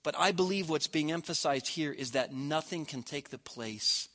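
A man preaching a sermon, swelling loud on key words and dropping to a near hush at the ends of phrases. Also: a little high, normal speed, hardly any pauses.

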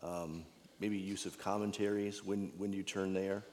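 A man's voice: low voice, flat delivery, normal speed, darkish tone, in a large hall. A man moderating a panel discussion on preaching, asking probing, conversational questions.

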